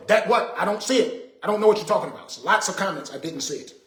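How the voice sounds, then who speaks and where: In a roomy, echoing recording, a man hosting a casual livestream speaks quickly in a high, expressive, slightly bright voice. He addresses his viewers in an exasperated, preachy way.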